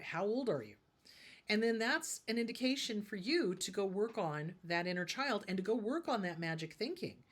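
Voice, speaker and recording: A woman therapist hosting a show, giving advice in a casual, emphatic way and repeating her key points. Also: mid-range voice. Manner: emphatic and repetitive, drives points home.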